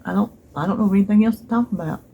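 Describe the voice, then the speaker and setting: A woman's voice: mid-range voice, racing, narrow, tinny audio, slight background noise. A middle-aged woman with a Southern US accent, chatting casually to her phone at home in a wandering, rambling way. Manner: chatty, rambling, trails off and restarts, wistful asides. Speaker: vlogger. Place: home, seated in a chair.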